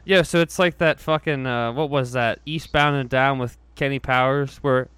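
A man's voice: medium pitch, steady tone, normal speed, fairly bright tone, clear, resonant tone, no echo. A male podcast host in casual, profane chat who laughs often. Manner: crude, laughs often, swears freely.

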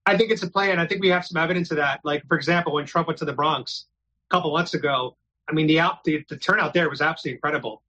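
An earnest man from New York City speaks as a guest in a casual interview, laying out his experiences plainly. His voice sits a bit high for a man, with a bright, tense edge and a husky grain. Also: very fast, low-quality recording.

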